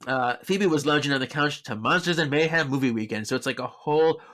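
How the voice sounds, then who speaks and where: A man's voice: fairly high pitch, fast talker, fairly bright tone. A man hosts a podcast in an easygoing recap style. He laughs often and briefly acts out characters' lines as he goes. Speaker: podcast host. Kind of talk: casual recap of a story episode.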